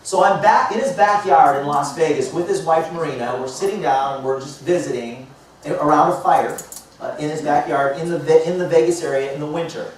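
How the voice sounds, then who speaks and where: A man speaking as a motivational speaker, telling a story to a live audience and acting out the dialogue in a lively way. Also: a little high, brisk, a little hiss or hum. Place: large indoor hall. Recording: echoey hall picked up from far off.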